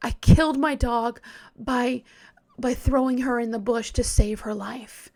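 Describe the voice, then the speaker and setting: A woman's voice: a little high, fairly even intonation, measured pace, a little mellow. A woman voicing a terrified young woman who is desperate to survive, in a breathless way.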